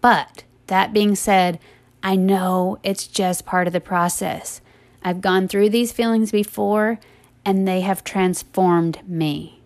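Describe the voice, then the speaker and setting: A woman's voice: medium pitch, steady tone, slow pace, darkish tone. A woman hosting a podcast, talking casually and earnestly to her listeners, often laughing, then turning encouraging. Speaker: podcast host and coach. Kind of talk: casual monologue.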